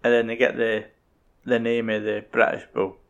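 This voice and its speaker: A man's voice: mid-range voice, completely flat delivery, moderate pace, vocal fry, lo-fi sound. A young Scottish man chatting casually and swearing freely while rambling through a film recap. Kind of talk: casual chat.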